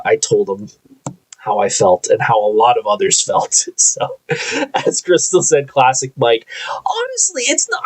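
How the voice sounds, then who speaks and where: A young man hosting a live podcast, telling a workplace story in a blunt, animated way and swearing casually. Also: mid-range voice, poor audio. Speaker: podcast host.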